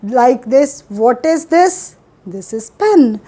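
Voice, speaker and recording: A woman's voice: high voice, lively intonation, slow, dark tone, husky. A woman teaching a spoken lesson, drilling simple questions over and over. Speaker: English teacher.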